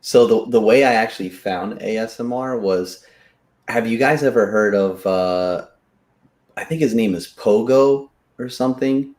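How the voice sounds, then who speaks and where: A man's voice: fairly low pitch, unhurried, a little mellow, echoey room. A man chatting casually on a podcast, explaining things earnestly and with enthusiasm. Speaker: podcast guest.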